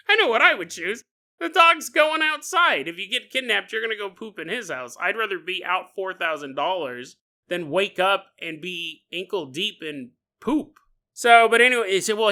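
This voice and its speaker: A man's voice: sits high, lively intonation, moderate pace, bright, forceful tone. A man hosting a podcast, telling a story in a casual, jokey way with laughing asides and acted-out bits. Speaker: podcast host.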